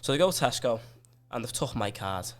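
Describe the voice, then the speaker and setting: A young man with a Liverpool accent, a band member guest telling a funny story with loud outbursts and frequent laughter. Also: mid-range voice, expressive, brisk. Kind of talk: casual chat.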